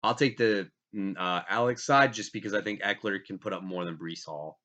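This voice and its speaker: A man hosting a fantasy football league show, talking casually with animated, self-correcting energy while getting over being sick. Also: fairly low pitch, normal speed. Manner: animated, hyped, self-interrupting. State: recovering from illness, coughing. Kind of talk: casual fantasy sports talk. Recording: dull lo-fi sound.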